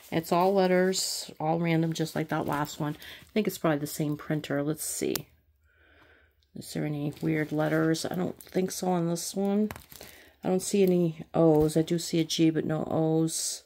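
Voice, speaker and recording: Tired, chatty woman with a lowish voice. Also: fairly even intonation, unhurried, gravelly, dark tone. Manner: chatty, rambling, thinks aloud with restarts. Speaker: crafting channel host. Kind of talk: casual unboxing chat.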